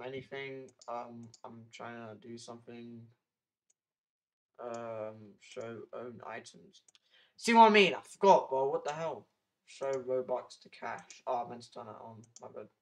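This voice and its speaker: A man's voice: medium pitch, low-quality recording. A young man from the UK chatting casually on a live stream, rambling with restarts and sudden exclamations. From United Kingdom.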